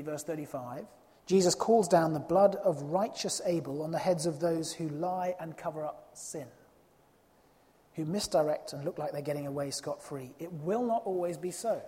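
A preacher delivering an emphatic, expressive sermon full of rhetorical questions. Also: mid-range voice. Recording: long reverb of a hall.

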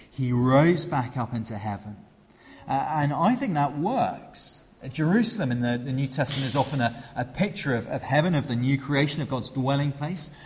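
A middle-aged man preaching a sermon. He hesitates often with fillers and restarts, then grows animated when acting out the crowd. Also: medium pitch. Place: church. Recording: long reverb of a church hall.

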